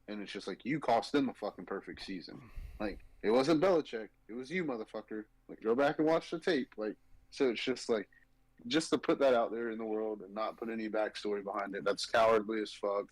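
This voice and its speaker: A man's voice: lowish voice, dry recording, poor audio. A man co-hosting a sports betting podcast, ranting emphatically and profanely in casual chat. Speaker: podcast co-host.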